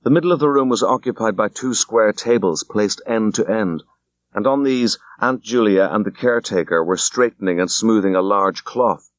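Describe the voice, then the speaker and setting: A man reading a classic story aloud as an audiobook, in an unhurried, measured narration. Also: lowish voice, no room sound. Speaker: audiobook reader. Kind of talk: scripted narration.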